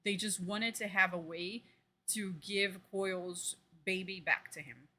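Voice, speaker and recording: A woman streamer reacting live, ranting bluntly and profanely with lots of fillers. Her voice is bright and forceful. She pushes her points with emphatic outrage. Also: mid-range voice, steady tone, measured pace.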